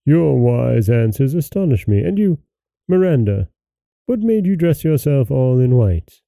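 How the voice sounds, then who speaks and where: A man voicing a suspicious, quick-tempered old king in a fairy tale reading, with a gravelly, very dark voice. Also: mid-range voice, big pitch swings, no echo. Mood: questioning. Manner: stern, demanding questions.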